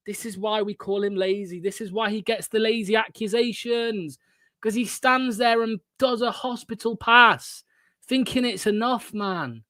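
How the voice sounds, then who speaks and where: A man's voice: high-pitched, fairly bright tone, dry recording, studio quality. A young man hosting a fan watchalong, giving live play-by-play with blunt, sarcastic asides and swearing.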